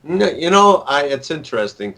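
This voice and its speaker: A man in his sixties, an author and actor, is a guest in a casual interview, rambling with lots of fillers and restarts. His voice sits a little high and sing-song, creaky yet pushed and bright, at a moderate pace.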